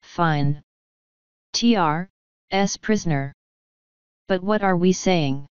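A woman's voice: lowish voice, slow pace, smooth, no echo, dull audio. A woman voicing a nervous, cowardly male wizard, asking flustered questions in a storybook reading. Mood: wry.

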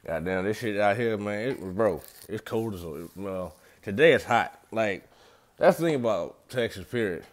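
Low-voiced young man. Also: lively intonation, moderate pace. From Atlanta, USA. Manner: loose, slangy and profane, talks straight to viewers. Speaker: vlogger. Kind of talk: casual rambling vlog.

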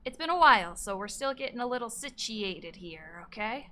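A woman streamer chats loosely to her viewers as she plays, swearing and a little scattered. Her voice is bright and a touch higher than most. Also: expressive, normal speed, a little hiss or hum. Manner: scattered, swears, talks to chat. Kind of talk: casual gaming livestream chat.

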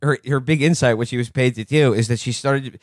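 A man's voice: mid-range voice, brisk, no room sound. A man co-hosting a comedy podcast, rambling through jokes with many fillers and restarts. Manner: rambling, lots of fillers and restarts, mocking quoted voices. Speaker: podcast co-host. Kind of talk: loose comedic chat.

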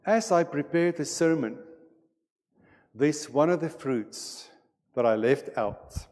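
A man preaching a sermon as pastor, with a measured and deliberate delivery in a church sanctuary. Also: a little high, animated, a little mellow. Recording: long reverb of a church hall.

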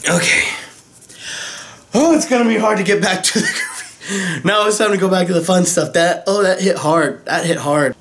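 A young man, a voice impressionist, excitedly reading fan mail in a casual way. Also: high voice, normal speed, long pauses. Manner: excitable, animated, swings to emotional. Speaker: voice impressionist YouTuber. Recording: music bed underneath.

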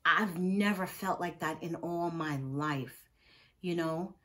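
A woman's voice: lowish voice, slow pace, heavy background noise. A woman, a nurse, telling a personal story in a casual storytime vlog, earnest and heartfelt, acting out what others said. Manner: lively storyteller who acts out others' words. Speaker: vlogger.

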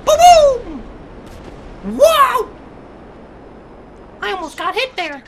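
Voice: very high-pitched, sharp tone, slight background noise, full character voice. A video game player voicing Mister Hazmat, a giddy, volatile man in a hazmat suit, talking about himself in the third person with erratic swings between glee and rage. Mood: excited. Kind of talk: comedic role-play over online gameplay.

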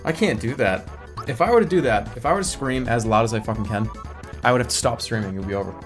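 A man streaming a video game, talking to chat in an animated way with sudden yelps and casual swearing. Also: medium pitch, fast. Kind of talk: live gaming stream commentary. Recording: game music in background.

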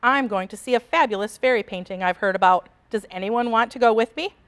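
Lady reading as a jolly playful dad, loud and upbeat. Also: fairly high pitch, brisk, lightly acted. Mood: cheerful. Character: cheerful playful father.

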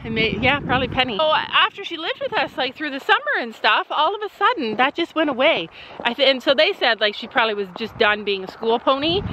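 Chatty grandmother with a high voice. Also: noisy background. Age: older. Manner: chatty, baby-talk to a toddler and animals. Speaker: vlogger. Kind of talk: casual vlog chat. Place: outdoors at a farm and barn.

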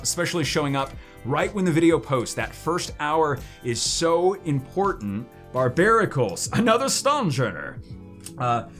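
Lively, playful male card-opening host. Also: fairly high pitch. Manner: playful, jokey, swings his voice up and down. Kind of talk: casual unboxing commentary.

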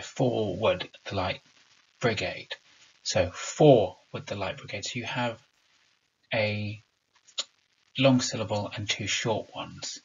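A man's voice: fairly low pitch, fairly bright tone, husky, lo-fi sound. A man teaching a recorded remote lesson. He explains patiently and sounds out rhythms aloud to make his points.

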